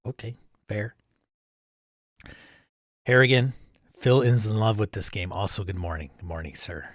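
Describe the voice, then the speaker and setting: A man with a lowish voice hosts a livestream, speaking a little slowly as he chats casually and greets viewers by name while reading their comments. The recording is clean studio sound with no room ambience.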